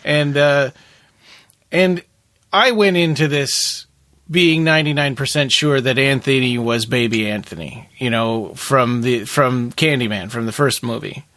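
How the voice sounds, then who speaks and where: A man co-hosting a podcast, talking in a rambling, animated way about a film. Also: mid-range voice, a little slow, dry recording, clean studio sound. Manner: rambling, restarts and fillers, animated. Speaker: podcast co-host. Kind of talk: casual podcast chat.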